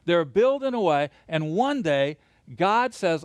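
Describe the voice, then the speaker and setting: A man teaching a Bible lesson to a camera, animated and playful, leading hand motions. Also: high voice, slow, clear, resonant tone, dry recording, studio quality. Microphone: camera mic.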